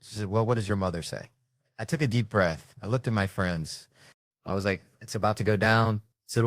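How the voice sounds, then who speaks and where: A man's voice: on the low side, fairly even intonation, normal speed, no echo. A man doing stand-up storytelling, brash and profane, jumping into other people's voices as he acts out his stories. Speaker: stand-up comedian.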